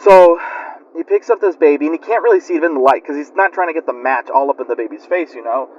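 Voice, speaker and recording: A man's voice: on the high side, fast, darkish tone. A man telling a spooky story in a rambling, chatty way with lots of fillers. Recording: lo-fi muffled recording.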